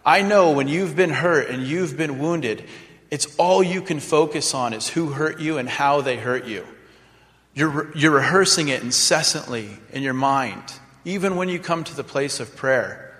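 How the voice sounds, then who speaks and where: A pastor preaching in a reverberant hall. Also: male voice, on the high side, measured pace, fairly bright tone. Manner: dramatic, acts out prayers in mock voices. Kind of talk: sermon.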